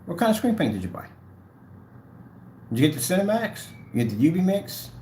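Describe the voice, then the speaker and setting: A man's voice: high-pitched, very animated, brisk, warm tone, a little hiss or hum. A man hosting a livestream, confronting viewers in a taunting way and repeating the same challenging questions over and over. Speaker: channel host.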